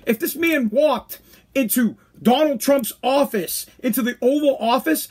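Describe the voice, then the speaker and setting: Blunt and crude, this high-voiced podcast host with a husky roughness rants through his commentary in a loose, meandering way. He keeps dropping into brief mock voices to underline what he's saying.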